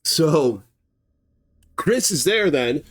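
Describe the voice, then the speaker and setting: A man's voice: fairly high pitch, lively intonation, drawn-out words. A man telling a chilling true story in a casual, dramatic way, with vivid asides to his viewers. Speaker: horror storyteller.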